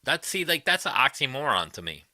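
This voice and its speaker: A man's voice: medium pitch, big pitch swings, a little fast, pushed and bright, no room sound. A man hosting a casual livestream, chatting with viewers and giving blunt, profane opinions. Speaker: livestream host. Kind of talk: casual livestream chat, reading viewer comments.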